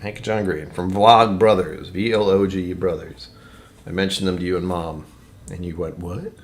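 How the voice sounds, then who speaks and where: A man's voice: sits low, fairly even intonation, moderate pace. A man hosting a casual whiskey-tasting live stream, rambling and joking as he reads chat aloud.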